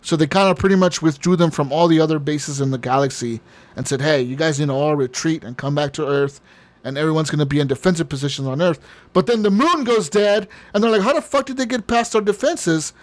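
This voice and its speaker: A man's voice: fairly high pitch, fast. A man co-hosting a podcast, telling a long story in casual chat, rambling and profane, often laughing. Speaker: podcast co-host.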